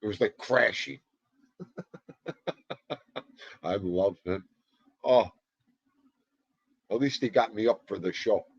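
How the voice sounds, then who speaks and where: A man's voice: lowish voice, measured pace, creaky, slightly rough, no room sound. A man in his fifties hosting a casual livestream, greeting viewers one by one and joking around. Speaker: livestream host. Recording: dull lo-fi livestream audio.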